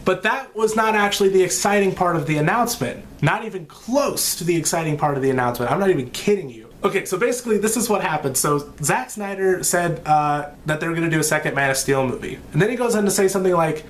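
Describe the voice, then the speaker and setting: A man chatting excitedly in a casual comics vlog, rambling and breaking into shouts, sleepless at dawn. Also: high voice, fast, hardly any pauses, a little hiss or hum. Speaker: comics vlogger.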